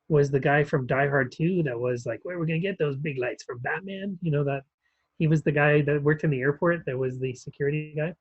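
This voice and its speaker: A man's voice: on the high side, no echo, phone-quality sound. A man co-hosting a film review podcast, talking casually with many ums and restarts. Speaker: podcast co-host reviewing films. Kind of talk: casual chat.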